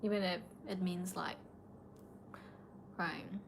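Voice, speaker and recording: A woman's voice: lowish voice, fairly even intonation, slow, creaky, a little hiss or hum. A young woman streaming late at night, a bit tipsy and emotional, tearfully answering her chat in casual talk.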